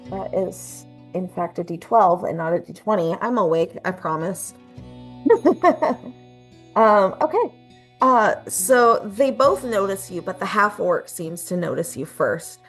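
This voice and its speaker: Slow, easygoing woman game master. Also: medium pitch, faint music behind. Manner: relaxed, with frequent ums and uhs. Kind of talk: narrating a tabletop game.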